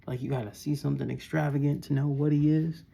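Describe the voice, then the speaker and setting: Deep, gravelly man rambling to camera. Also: steady tone, fast talker, dark tone. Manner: loose and meandering, often says "bro" and "y'all". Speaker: vlogger. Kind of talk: casual rambling monologue to camera.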